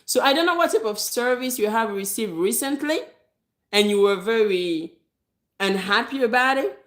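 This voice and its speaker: A woman's voice: fairly high pitch, expressive, moderate pace, a bit bright. A woman who runs a business, talking straight to viewers in a casual advice monologue. She is direct and emphatic, repeats her key points, and laughs lightly between them. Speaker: business owner giving advice; hair braider.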